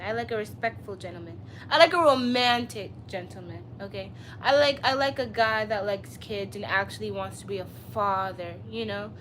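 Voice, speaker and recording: A woman's voice: medium pitch, fairly bright tone, slight background noise. A woman in her twenties chatting casually on a live stream, answering viewers with blunt, profane, sassy comebacks. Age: 20s. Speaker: livestreamer.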